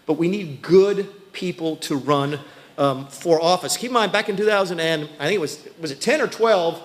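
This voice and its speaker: A man's voice: a little high, moderate pace, low-quality recording. A man giving a folksy, self-deprecating rally speech full of anecdotes, recorded in a large venue. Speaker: political speaker.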